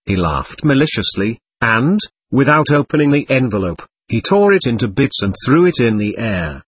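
A man narrating a novel as an audiobook reader, in an expressive, measured way. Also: medium pitch, husky, no echo. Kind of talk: scripted narration.

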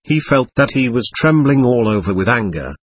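Husky-voiced man reading a novel. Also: mid-range voice, very animated, normal speed, no room sound. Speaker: audiobook narrator. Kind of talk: scripted narration.

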